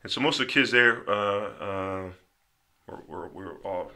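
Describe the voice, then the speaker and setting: A man guest telling his life story in casual conversation, animated, slipping into quoted voices. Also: fairly low pitch, unhurried. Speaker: podcast guest.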